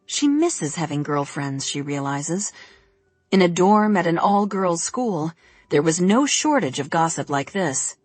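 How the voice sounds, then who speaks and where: A woman reads a novel aloud in a steady, even narration. Her voice sits fairly low, and the recording is very dry and close. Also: measured pace, no echo, faint music behind. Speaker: audiobook narrator. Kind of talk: scripted narration.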